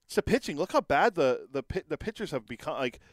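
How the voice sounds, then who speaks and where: Fast-talking co-host man, casual banter. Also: a little high, very animated, no echo, studio quality. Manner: casual, quick back-and-forth banter. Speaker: sports podcast co-host. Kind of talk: sports talk show.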